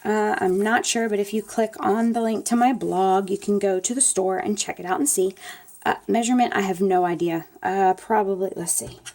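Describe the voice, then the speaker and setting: A middle-aged woman walks viewers through a paper craft at her table. She talks in a chatty, folksy way, and her voice sounds soft and mellow. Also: medium pitch, steady tone, normal speed. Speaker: craft demonstrator. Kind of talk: casual crafting tutorial.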